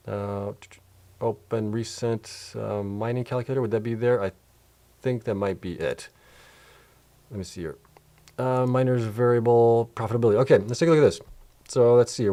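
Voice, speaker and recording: This crypto mining channel host sounds tired on his casual stream, yawning, rambling through spreadsheets, and thinking out loud while answering questions. His voice is medium-pitched with a darkish tone.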